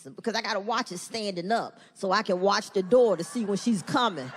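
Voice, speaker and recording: A woman performing a stand-up comedy routine, animated and profane, acting out the voices of other people. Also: medium pitch, brisk, few pauses, slight background noise. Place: comedy stage before an audience. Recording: live stage recording with hall echo and audience.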